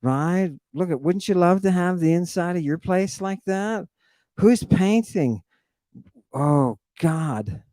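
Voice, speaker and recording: A man delivering a livestream lecture in a fairly high voice, dragging out his words at an unhurried, deliberate pace. He talks in a theatrical, slangy way, repeating lines for emphasis. The sound is dry and close, with no room echo. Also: animated, dark tone. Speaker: host lecturing on ancient texts.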